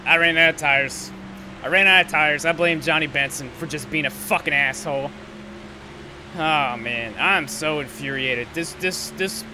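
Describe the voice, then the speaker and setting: Cursing man over roaring race engines. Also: fairly high pitch. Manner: profane, exasperated ranting. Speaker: gaming commentator. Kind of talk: live gameplay commentary. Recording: loud game engine noise underneath.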